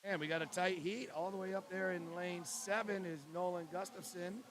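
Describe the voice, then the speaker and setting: A man commentating a live swim meet, briskly reading out lanes, names and times and joking with his co-host. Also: high voice, fairly even intonation. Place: indoor pool meet. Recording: loud crowd at a pool.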